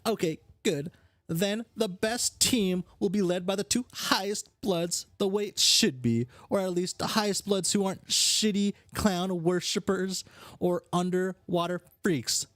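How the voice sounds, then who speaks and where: Dude doing a higher, snarky troll girl, cocky and swearing, dry room. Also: unhurried, a bit bright, no echo. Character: brash, sarcastic, scheming young female alien troll.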